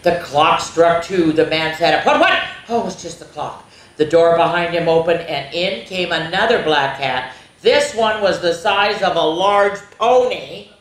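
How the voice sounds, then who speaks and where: A woman reading a spooky children's story aloud, expressive, with gasps and little asides to young listeners. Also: fairly low pitch, a little slow. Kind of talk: reading a spooky picture book aloud to kids. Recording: roomy echo.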